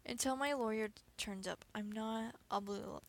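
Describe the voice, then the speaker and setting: Lady playing a cagey businessman, clipped and defensive, voice sits a bit high. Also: moderate pace, natural voice. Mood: evasive. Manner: curt and evasive. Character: defensive secretive male business owner.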